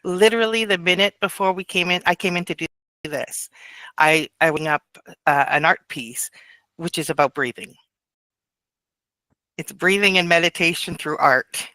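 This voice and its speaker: A woman's voice: on the low side, normal speed, long pauses, bright, forceful tone, dry recording. A woman guest artist talking eagerly about her artwork and laughing easily.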